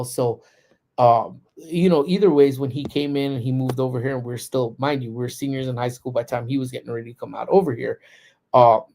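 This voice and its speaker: A man in his forties tells old stories on a casual livestream, easygoing and full of slang. His voice is gravelly and mellow, sitting at an ordinary pitch. He laughs often as he talks. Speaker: livestream host.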